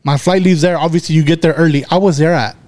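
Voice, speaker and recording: A young man casually telling a story to friends, swearing freely and getting animated. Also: fairly high pitch, quick pace, dry recording.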